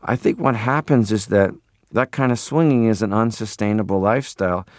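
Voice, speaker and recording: A man's voice: on the low side, fairly quick, no echo, clean studio sound. A man in his forties from Canada, a radio interview guest who talks in a playful, rambling way and keeps slipping into voices. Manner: playful, rambling, drops into voices and foreign phrases.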